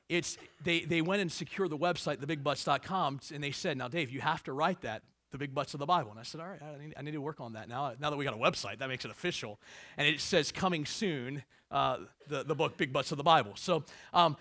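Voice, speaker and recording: A middle-aged man preaching a sermon as pastor, swinging between hushed asides and raised, emphatic passages. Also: fairly high pitch, no room sound, studio quality.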